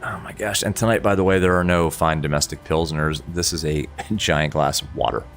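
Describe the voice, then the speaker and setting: A man with a croaky, sick-sounding voice chatting casually on a flight sim stream, laughing often as he talks through cockpit checks. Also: rumbling low, fairly quick, a bit bright, soft background music. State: sick, hoarse. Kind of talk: casual live-stream chat.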